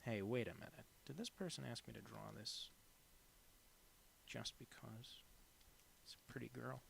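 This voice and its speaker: A man streaming live as a cartoonist, chatting casually while he draws and rambling through deadpan jokes. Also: medium pitch, measured pace, creaky, a little hiss or hum.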